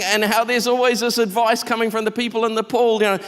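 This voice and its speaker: A man preaching a sermon as pastor, telling stories in an animated, conversational way. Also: high voice, a little fast, hardly any pauses, smooth. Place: church auditorium. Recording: church hall reverb.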